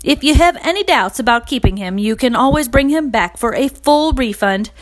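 A woman's voice: on the high side, lively intonation, normal speed, lightly acted. A woman voicing a male feed store salesman in a storybook. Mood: breezy.

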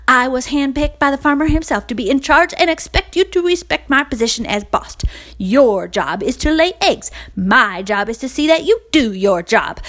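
A woman's voice: high-pitched, a bit bright. A woman voicing a vain, bossy male rooster in a storybook, haughty and commanding.

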